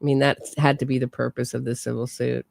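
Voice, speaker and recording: A woman's voice: a bass voice, level tone, quick pace, creaky, a little mellow, no echo. A woman hosting a true crime livestream, chatting casually and answering her viewers. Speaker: true crime podcast host.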